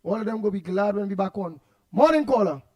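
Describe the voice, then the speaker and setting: Fast and animated, his high voice carries a slightly mellow quality. The Trinidad and Tobago native hosts call-in radio, telling stories in Creole with a Trinidadian accent and lots of repeated words.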